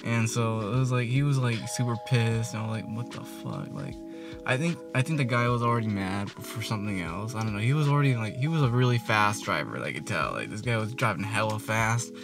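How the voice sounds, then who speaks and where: A young man tells a casual storytime rant. His voice sits a little low, and he rambles with lots of fillers and swearing. Music plays behind him. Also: expressive, a little fast. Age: 20s. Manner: rambling, filler-heavy, profane. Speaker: vlogger.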